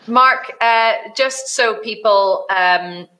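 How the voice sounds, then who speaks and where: Woman hosting a live q&a, stop-start questions, bright sharp voice. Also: fairly high pitch. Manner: hesitant, halting with fillers. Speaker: Q&A host.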